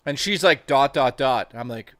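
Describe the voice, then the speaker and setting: A man telling crude, animated stories in casual chat as a stream co-host. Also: medium pitch, moderate pace, no echo, studio quality.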